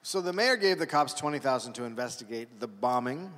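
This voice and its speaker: A man co-hosting a live comedy podcast, reading a history story deadpan from his notes. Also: medium pitch, brisk, slight background noise. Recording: live venue with hall reverb.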